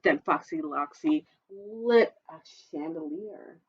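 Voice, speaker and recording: A woman's voice: low-pitched, takes it slowly, husky, highs cut off. A woman librarian reading a picture book aloud at storytime, playful and full of sound effects. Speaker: children's librarian.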